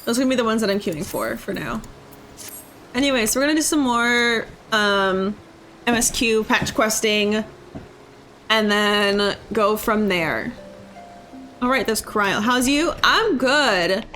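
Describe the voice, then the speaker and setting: A woman streams a game and chats casually, rambling and poking fun at herself. Her voice sits a bit high, and quiet music plays underneath. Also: a little slow. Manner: chatty, self-mocking, rambling. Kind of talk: casual chat while gaming.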